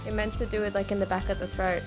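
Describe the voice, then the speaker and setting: A woman's voice: mid-range voice, little pitch movement, fast talker. A woman with a German accent, teasing her friends in casual chat while they voice a game together. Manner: teasing, plays along with jokes. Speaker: stream co-player voicing game characters. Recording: music playing loudly behind.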